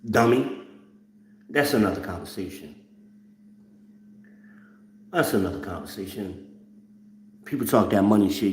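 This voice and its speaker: A man's voice: lowish voice, reverberant, a little hiss or hum. A middle-aged man hosting a blunt, profane, mocking rant. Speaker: host. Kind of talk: ranting commentary.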